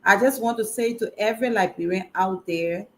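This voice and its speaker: A woman, a minister appearing as a guest on a video call talk show, giving gracious, measured thank-you remarks. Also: medium pitch, fairly bright tone.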